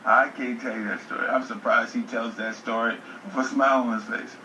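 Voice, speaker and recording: A man speaking casually in an interview, relaxed, fond and teasing. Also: medium pitch, a little fast, muffled recording, slight background noise. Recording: echoey room, distant mic.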